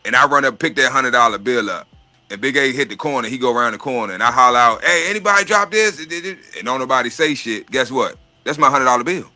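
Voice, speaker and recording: Here the podcast host talks fast in a mid-range voice that comes across pushed and bright. The conversation is casual, about money and estates, and he swears freely, sounds streetwise, and repeats words while groping for what to say.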